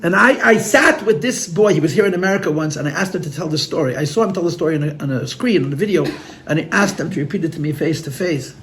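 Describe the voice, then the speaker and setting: A fast-talking man with a fairly high, expressive, slightly bright voice tells stories as a rabbi at a gathering. His delivery is earnest and heartfelt, full of repetition and Hebrew and Yiddish terms, and he speaks to listeners in a room.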